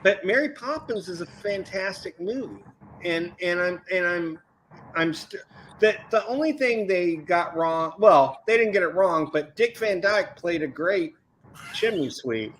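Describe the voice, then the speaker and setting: A man's voice: sits high, expressive, measured pace, fairly bright tone, a little hiss or hum, low-quality recording. A man in his fifties chatting casually on a geek talk stream, rambling, playful and often correcting himself. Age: 50s. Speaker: panelist on a geeky chat stream. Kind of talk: casual chat.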